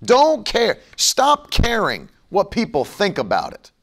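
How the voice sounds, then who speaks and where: A man's voice: high-pitched, wildly swooping pitch, slow. A middle-aged man preaching a broadcast sermon and leading a prayer, emphatic and fervent, now and then mocking his critics.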